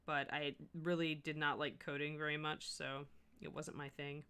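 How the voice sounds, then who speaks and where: A middle-aged woman hosting a miniature painting livestream chats casually as she paints in her studio. Her voice is bright and forceful, a little low for a woman, with a clean tone and moderate pace, and she thinks aloud in an animated, self-correcting way.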